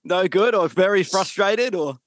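A man hosting a podcast interview, easygoing and quick to laugh along with his guest. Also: sits high, animated, dry recording. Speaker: podcast host.

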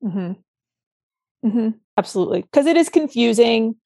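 A woman's voice: on the high side, expressive, moderate pace, gravelly, warm tone, dry recording. A woman co-hosting a podcast, talking casually and earnestly about parenting, walking through examples step by step. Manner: earnest, explains with examples, acts out a child's outburst. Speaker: podcast co-host. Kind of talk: casual advice chat.

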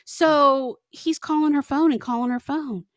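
A woman's voice: high voice, measured pace, no room sound, studio quality. A young adult woman co-hosting a podcast, telling a story in casual chat and acting out both sides of phone calls. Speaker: podcast co-host.

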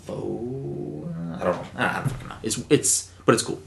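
A man with a fairly low voice trades crude jokes and swear words in loose podcast banter. The room echoes around him. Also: expressive, normal speed, gravelly, fairly bright tone, a little hiss or hum. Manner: crude, joking, swears often. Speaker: podcast co-host. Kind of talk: casual banter among friends.

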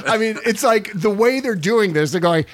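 A man's voice: high voice, lively intonation, normal speed. A man hosting a comedy talk show, bantering casually in a wry, exasperated way. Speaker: host. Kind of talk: casual chat.

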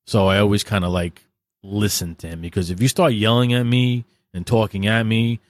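Deep-voiced blunt man telling candid stories. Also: level tone, normal speed, no echo, clean studio sound. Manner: blunt, heavily profane, vivid storytelling. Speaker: podcast guest. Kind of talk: candid interview storytelling.

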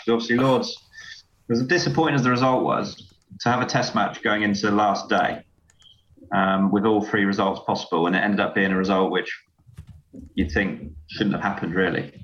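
A man's voice: on the low side, fairly even intonation, a bit bright, highs cut off, slight background noise. A man in his thirties with a Yorkshire accent, a professional cricketer talking casually and matter-of-factly. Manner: quick, matter-of-fact. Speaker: county cricketer guest. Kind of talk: casual podcast chat.

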